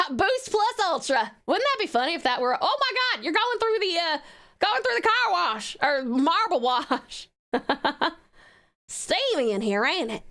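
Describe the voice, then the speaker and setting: A woman's voice: extremely high pitch, big pitch swings, unhurried, pushed and bright, exaggerated voice. A woman streamer putting on a folksy US Southern accent as a playful persona during live game commentary. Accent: US Southern, put on. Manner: folksy, drawling, affectionate.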